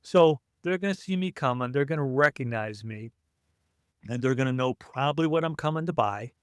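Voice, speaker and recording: A man speaks as a podcast guest and tells relaxed stories from his life. His voice sits at a middle pitch and sounds dry and close, without room echo. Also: fairly quick, smooth. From United States. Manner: relaxed, anecdotal storytelling. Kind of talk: interview conversation.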